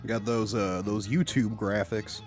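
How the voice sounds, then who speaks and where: Slow-talking, joking male streamer. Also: lowish voice, soft background music. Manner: laughing, joking, excitable. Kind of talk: casual commentary watching a show.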